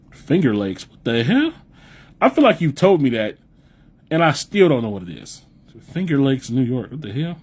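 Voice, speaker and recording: With a medium pitch, a darkish tone, and a breathy edge, a young Midwestern man hosts a live podcast. He reads live chat and banters loosely and profanely with viewers, circling back over the same points as he rambles.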